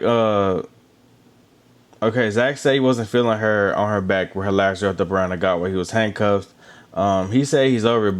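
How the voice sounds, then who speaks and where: Casual male recap host with a low voice, animated delivery, chatty asides. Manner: animated, chatty, with asides about drinking water and lotion. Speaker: reality show recap host.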